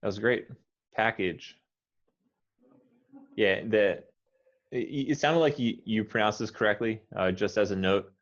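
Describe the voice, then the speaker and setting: A man with an American accent, an English teacher patiently coaching pronunciation and modeling words slowly. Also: fairly low pitch, highs cut off.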